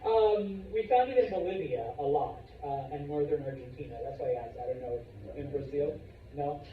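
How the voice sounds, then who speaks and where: A man's voice: a little high, normal speed, a little hiss or hum. A man teaching history in a casual, jokey way, acting out people's voices while he lectures to a classroom. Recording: roomy, distant, dull classroom recording.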